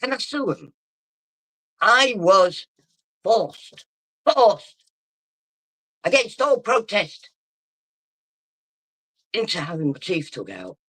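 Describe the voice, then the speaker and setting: A man's voice: high-pitched, very animated, slow, pauses often, pushed and bright, no room sound. A drunk man rambling and swearing as he chats on a livestream and reads out comments. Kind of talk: casual livestream chat, reading comments.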